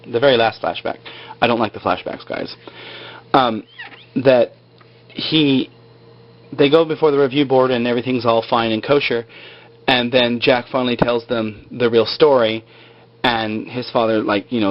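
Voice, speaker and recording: A man's voice: medium pitch, fairly even intonation, normal speed, lo-fi sound. A man recapping a TV episode in a loose, casual way, full of fillers and joking asides. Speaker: video blogger recapping a TV episode.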